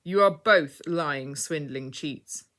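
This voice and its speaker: A woman voicing a stern, authoritative male knight-like preacher who speaks firmly and loudly. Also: low-pitched, slow, exaggerated voice. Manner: firm, authoritative and loud.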